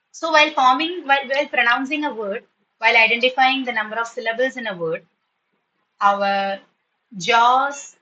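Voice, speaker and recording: Bright-voiced woman teaching a class. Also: fairly high pitch, lo-fi sound. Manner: patient, spells words out and repeats them slowly. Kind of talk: online spoken English class.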